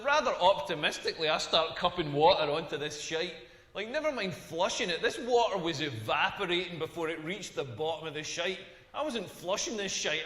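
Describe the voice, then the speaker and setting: A man's voice: on the high side, bright, forceful tone, reverberant, in a large hall. An actor with a Scottish accent playing a crude, rambling male stand-up comedian in a game video. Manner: crude, rambling, self-deprecating.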